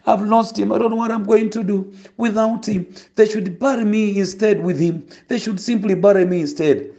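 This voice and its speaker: A man's voice: high-pitched, moderate pace, creaky, warm tone, voice pushed up. A man voicing a grieving mother lamenting at her son's burial. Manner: lamenting, pleading. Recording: dull lo-fi recording.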